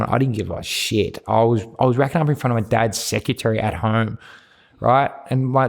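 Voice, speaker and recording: Gravelly Australian man telling his story. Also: medium pitch. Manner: rambling, frank, swears, many restarts. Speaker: podcast guest. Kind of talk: candid personal storytelling interview.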